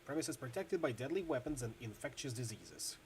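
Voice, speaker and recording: Man narrating a video game, steady descriptive reading, animated pitch, faint background hum. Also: brisk. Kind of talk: narrating game text aloud.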